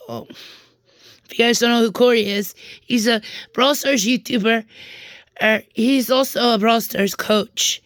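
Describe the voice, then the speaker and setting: A woman's voice: a little high, fairly bright tone, no echo. A young woman telling a rambling personal story in a vlog, frustrated and venting, often restarting and repeating her words. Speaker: vlogger.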